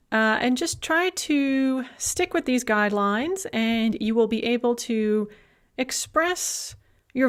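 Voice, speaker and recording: In a recorded university lecture, a woman with a voice on the high side explains language grammar clearly and methodically, now and then using a filler.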